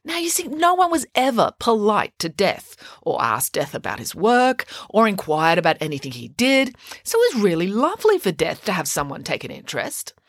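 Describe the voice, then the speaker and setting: A woman's voice: medium pitch, huge pitch swings, normal speed, hardly any pauses, no echo, clean studio sound. A woman narrating a children's myth retelling with playful asides, as host of a story show.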